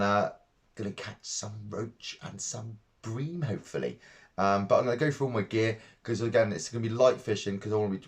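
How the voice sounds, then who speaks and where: A man chatting casually to camera about his fishing gear in his fishing room at home, rambling and blunt. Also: low voice. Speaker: fishing vlogger.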